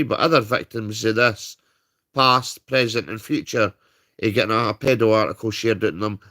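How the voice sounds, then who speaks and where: British man, livestream rant, heated, swears a lot, mid-pitched voice. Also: a bit bright. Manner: heated, swearing, repeats "right?". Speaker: streamer.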